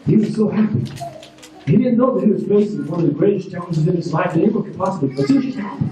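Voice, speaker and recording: A man's voice: high voice, dark tone. A man giving a motivational graduation ceremony speech, telling stories emphatically and repeating key phrases. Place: large ceremony hall. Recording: echoey hall, voice from far off.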